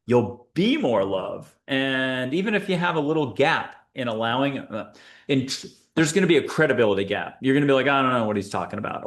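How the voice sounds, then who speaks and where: A man hosting a spiritual show, guiding listeners through an exercise in a playful, upbeat, joking way with quick asides. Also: medium pitch. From United States. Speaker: host and angel intuitive. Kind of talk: guided spiritual talk to listeners.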